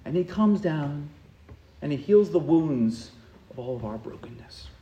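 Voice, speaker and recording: A man preaching a sermon as pastor, with a lot of rhetorical repetition and swings from hushed tones to loud passion. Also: on the high side, lively intonation, a little slow, roomy sound, highs cut off.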